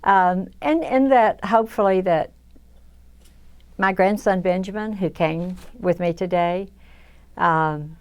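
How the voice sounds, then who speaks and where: A woman's voice: fairly low pitch, slow, pauses often, darkish tone, smooth, dull audio. An older woman from south Georgia with a Southern American accent, reflecting in an oral history interview with many restarts and fillers.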